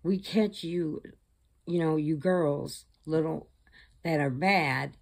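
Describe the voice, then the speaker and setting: A woman voicing a slow, simple-minded and creepy younger hillbilly brother in a retold horror film, drawling her words. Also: low voice, a little mellow, full character voice. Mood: creepy, earnest.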